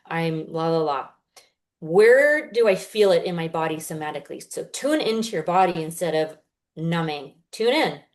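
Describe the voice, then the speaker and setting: A woman's voice: lowish voice, expressive, moderate pace, a little mellow. Earnest woman explaining healing. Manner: earnest, explanatory, acts out inner voices. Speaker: guest healer. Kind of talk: casual podcast interview.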